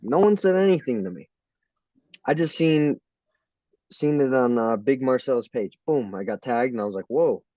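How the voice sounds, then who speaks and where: A man's voice: mid-range voice, lively intonation, normal speed, warm tone, no room sound, muffled recording. A young man in a casual interview, laughing and acting out quotes as he tells stories. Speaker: fighter.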